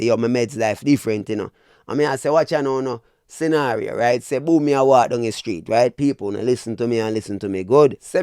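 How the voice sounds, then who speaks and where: A man's voice: mid-range voice, clean tone, no room sound, clean studio sound. A man with a Jamaican accent giving opinionated commentary as a vlogger and speaking straight to his viewers. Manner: animated, preachy, addresses viewers as "people".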